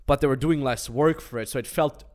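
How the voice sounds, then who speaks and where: A man's voice: mid-range voice, a little fast. A man hosting a casual podcast as a business coach, telling stories animatedly and acting out what other people said. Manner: animated storytelling with acted quotes.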